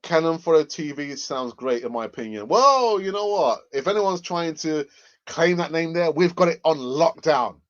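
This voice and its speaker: Excitable man, dull lo-fi stream audio. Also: a little high, normal speed. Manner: excitable, repeats phrases for emphasis. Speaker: football fan channel host. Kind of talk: casual livestream chat.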